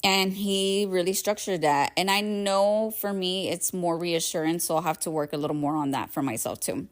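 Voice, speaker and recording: A young woman hosting a podcast, telling a dating story in a casual, animated way, full of fillers and acted-out dialogue. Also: lowish voice, moderate pace. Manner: chatty, animated, filler-heavy, acts out quoted dialogue. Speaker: podcast host.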